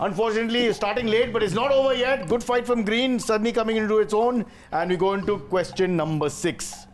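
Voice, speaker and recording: A man with an Indian English accent hosting a quiz show, playful and teasing with quick asides. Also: high-pitched, faint music behind. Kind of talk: joking game show hosting.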